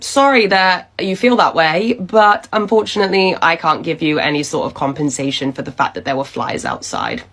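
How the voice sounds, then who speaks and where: A worn-out customer service worker, voiced by a woman for a workplace cartoon. She keeps a patient, scripted politeness that slides into deadpan sarcasm. Her delivery is dry and restrained. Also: low voice, normal speed, few pauses, full character voice. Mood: weary. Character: weary young female call worker, dry and sarcastic.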